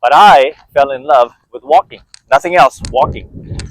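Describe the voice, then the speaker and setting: A man's voice: medium pitch, moderate pace, no echo, rough recording. Middle-aged male fitness vlogger, outdoor walk-and-talk, motivational and rambling. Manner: rambling, self-motivating, with many restarts. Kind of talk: casual motivational talk to camera. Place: outdoors, walking in a park.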